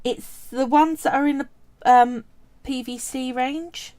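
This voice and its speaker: A woman from England livestreams her polymer clay sculpting, chatting in a relaxed way and going off on tangents as she answers viewers. She speaks slowly in a Cockney accent from East London, with a high-sitting, steady, dark-toned voice.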